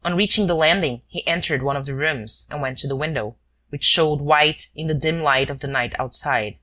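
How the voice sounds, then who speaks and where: Low-voiced woman narrating an audiobook. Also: normal speed, bright, forceful tone. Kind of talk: scripted narration.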